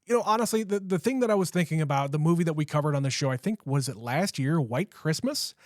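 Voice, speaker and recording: Male podcast co-host, relaxed and blunt, casual profanity, dry sound. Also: on the high side, quick pace, no echo. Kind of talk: casual movie chat.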